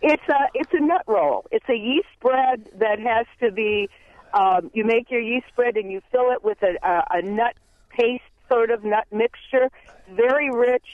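A man calling into a radio show, explaining a holiday bread in a friendly, halting way. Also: very high voice, dry recording. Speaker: caller. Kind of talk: call-in phone chat. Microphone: telephone. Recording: tinny phone line.

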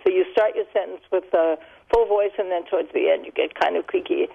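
An older woman speaks on a radio show from a telephone, explaining her points carefully and thoughtfully. Her voice has a gravelly edge, and the phone line makes it thin and narrow. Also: fairly low pitch, fairly quick. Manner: thoughtful, explanatory, laughs lightly. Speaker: linguist guest. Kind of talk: radio interview answers.

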